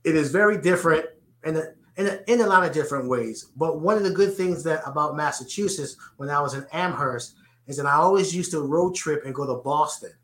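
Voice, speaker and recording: A man's voice: a little high, fairly quick, fairly bright tone, reverberant. A man with a New York accent, answering interview questions earnestly and often repeating words as he finds his phrasing. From the Bronx, New York. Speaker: guest.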